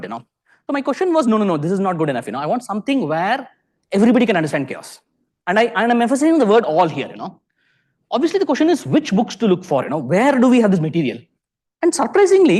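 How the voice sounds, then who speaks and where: A man with an Indian English accent giving a lecture to a live audience in a lecture hall. He keeps asking the room questions. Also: high-pitched. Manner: animated, peppers sentences with rhetorical questions.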